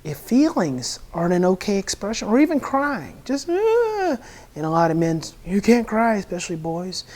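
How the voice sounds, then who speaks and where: A woman's voice: fairly low pitch, a little mellow. A woman guest in an interview explaining parenting in an earnest, repetitive way. She acts out a child's angry outbursts and a parent's soothing words. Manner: earnest, repeats words and restarts often.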